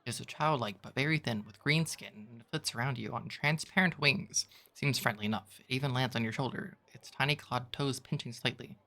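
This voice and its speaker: Bright-voiced man reading a gamebook. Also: mid-range voice, a little fast, hardly any pauses. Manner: casual, chuckling asides. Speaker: streamer. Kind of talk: reading a gamebook aloud on stream.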